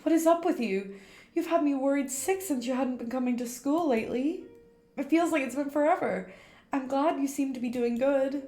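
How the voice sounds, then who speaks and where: A woman's voice: high voice, normal speed, roomy sound, faint music behind, natural voice. A woman voicing a cheerful, protective teenage schoolgirl from a game, reading her lines aloud on stream. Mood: eager, caring. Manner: bright, eager, affectionate.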